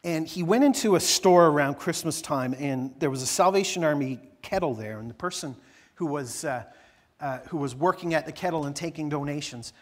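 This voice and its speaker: Middle-aged man, pastor, somewhat high voice, loose animated storyteller from the pulpit. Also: brisk, long reverb tail. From Newfoundland, Canada. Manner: conversational and animated, with frequent fillers and restarts. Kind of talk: storytelling sermon.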